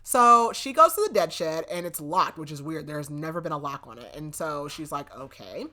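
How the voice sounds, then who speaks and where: A woman's voice: low-pitched, animated, normal speed, sharp tone. Chatty young woman recapping a book. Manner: chatty, lots of "like" fillers, laughs often. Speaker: podcast host. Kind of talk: casual book recap chat.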